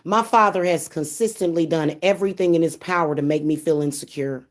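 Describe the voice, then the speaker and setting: A young woman with a somewhat low-pitched voice vents on camera in a heated, profane monologue. She curses freely and stumbles into repeated words as her temper flares. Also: brisk. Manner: heated, cursing, repeats herself when upset. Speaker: spiritual reader and vlogger. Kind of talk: angry, profane venting monologue.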